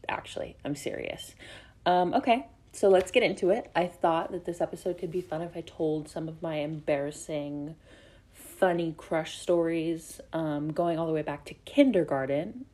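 A young woman with a somewhat low voice hosts her own show in a loose, chatty way. She rambles through her stories, piling on fillers and tossing in swear words when flustered. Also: mellow. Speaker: podcast host. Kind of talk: casual storytelling chat.

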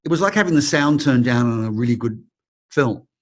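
A middle-aged Australian man, accented and mid-range in voice, talks fairly quickly while answering interview questions about his work as an acting teacher. He recounts stories with expression, imitates the people he quotes and keeps restarting his phrases.

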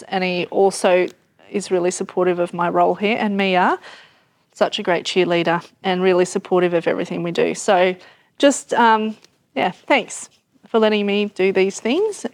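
A woman hosting a live podcast recording, thanking her guest and the school leadership with grateful, halting words. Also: fairly low pitch, dry recording. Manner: warm, grateful, hesitant with fillers. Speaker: podcast host.

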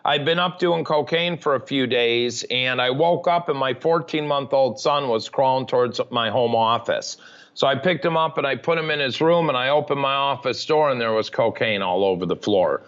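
A man's voice: mid-range voice, moderate pace, fairly bright tone, highs cut off. A man telling his life story frankly and matter-of-factly as a podcast guest. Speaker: podcast guest, recovery advocate. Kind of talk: candid storytelling interview.

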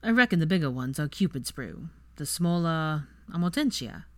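A woman voicing an aloof young wizard with a dry, deadpan way of talking. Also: deep voice, normal speed, dry recording. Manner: drawling, deadpan, teasing.

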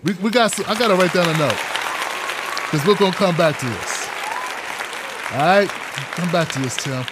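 A man hosting a live podcast, talking in an animated, preachy way and repeating phrases for emphasis. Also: on the high side, moderate pace, pauses often, a loud crowd, heavy background noise. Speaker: podcast host. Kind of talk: live-streamed podcast talk.

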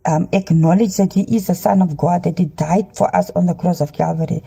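Middle-aged woman, phone selfie in a car, earnest halting testimony, dark husky tone. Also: on the low side, steady tone. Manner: halting, many ums, preachy urging. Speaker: Christian dream sharer. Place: inside a car. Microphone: handheld phone.

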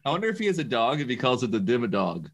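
A man's voice: medium pitch, big pitch swings, very fast, creaky. A man co-hosting a casual podcast chat, joking and laughing as he tells stories. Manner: joking, laughs often, storytelling. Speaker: podcast co-host.

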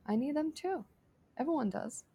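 Gravelly, lively storytelling woman. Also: high-pitched, normal speed, a little hiss or hum. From Sweden. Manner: animated storyteller, acts out quoted dialogue, swears casually. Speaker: podcast guest. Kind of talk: casual conversation. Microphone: video call.

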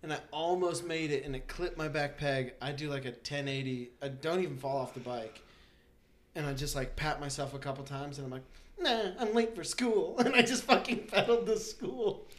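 A man's voice: fairly high pitch, brisk. A young man hosting a casual podcast chat, telling stories with lots of laughter and acted-out voices. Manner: laughing, animated storyteller who acts out voices. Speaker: podcast host.

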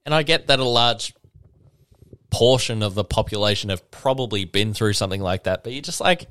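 A man's voice: lowish voice, expressive, a little fast, a bit bright, no echo. A man hosting a casual solo podcast, ranting with swearing and mocking impressions, a bit tipsy. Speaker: podcast host.

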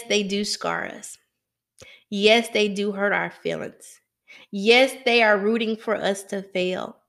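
A woman's voice: medium pitch, creaky. A woman hosting a casual livestream Bible devotional, chatty and slangy, laughing often as she reads and comments. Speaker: livestream host reading scripture.

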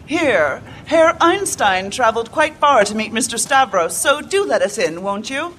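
A bossy sarcastic mind reader. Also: female voice, on the high side, very animated, normal speed, fairly bright tone. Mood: commanding. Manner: dry, commanding, sarcastic. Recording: music underneath.

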